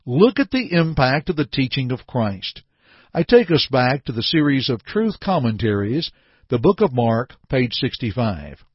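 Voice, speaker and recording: Lively, husky male preacher. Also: medium pitch, measured pace, no echo. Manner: earnest, emphatic, addresses the listeners as dear friends. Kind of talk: sermon with scripture reading. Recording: dull, dry lo-fi recording.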